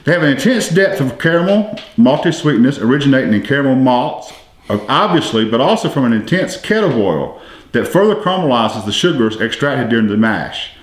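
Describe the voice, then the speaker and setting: A man's voice: mid-range voice, big pitch swings, a little fast. A man hosting a casual beer-tasting podcast, chatty and easygoing, reading tasting notes. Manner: reads brewery notes aloud, easygoing and chatty. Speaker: podcast host. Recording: echoey room.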